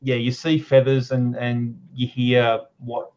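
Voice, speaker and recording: A man's voice: medium pitch, completely flat delivery, takes it slowly, darkish tone. A man joking and laughing his way through a casual chat as a stream co-host. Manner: joking, goofy, laughs a lot. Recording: dull lo-fi stream audio.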